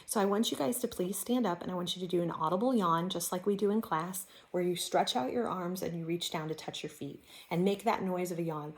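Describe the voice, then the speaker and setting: A woman drama teacher giving a recorded online lesson, explaining and leading warm-ups with clear, encouraging instructions. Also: lowish voice, brisk, few pauses.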